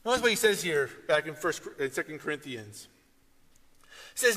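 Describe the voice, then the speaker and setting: Male pastor, high and bright, lively storyteller, long hall reverb. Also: normal speed. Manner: storytelling, animated with sudden loud outbursts. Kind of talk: sermon.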